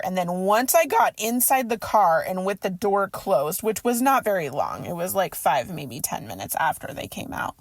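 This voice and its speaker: A woman podcast host and mindset coach telling a personal story in a casual, animated way, full of "like" and quoted thoughts. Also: medium pitch, moderate pace, few pauses, no room sound. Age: adult. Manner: animated, emotional retelling with many "like"s.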